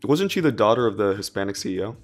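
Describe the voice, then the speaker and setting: Fast-talking, low-voiced young male guest. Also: big pitch swings, faint music behind. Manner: rambling, swears casually, quick asides. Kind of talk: casual movie discussion.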